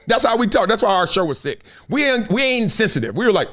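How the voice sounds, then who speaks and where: A middle-aged man hosting a casual live-stream sports talk show, animated and laughing, jumping up to high exclamations. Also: a little fast. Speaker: show host.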